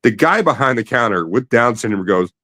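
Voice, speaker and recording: A man's voice: medium pitch, lively intonation, fairly quick, bright, forceful tone, no room sound. A man hosting a casual late-night chat, rambling through stories and swearing freely. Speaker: podcast host.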